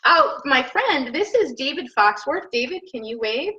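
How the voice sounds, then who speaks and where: Bubbly bright-voiced woman. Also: high-pitched, sing-song, moderate pace, lo-fi sound. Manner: bubbly, gushing, laughs often, chats to viewers. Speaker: host of a home cooking live stream. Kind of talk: casual live-stream chat. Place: home kitchen. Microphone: laptop on the counter.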